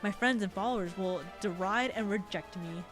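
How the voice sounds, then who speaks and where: Speaking at normal speed in a medium-pitched voice close to her everyday one, a woman performs over music. She voices a haughty, sinister female alien noble from a visual novel, brooding on her loneliness in a self-pitying monologue.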